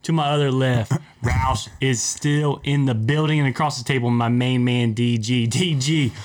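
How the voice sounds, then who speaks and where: A man hosting a podcast with friends gathered around the table. He keeps it loose and upbeat, laughs easily and stumbles over a name now and then. His voice sits at an ordinary middle pitch for a man. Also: steady tone, moderate pace. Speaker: podcast host. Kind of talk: casual chat.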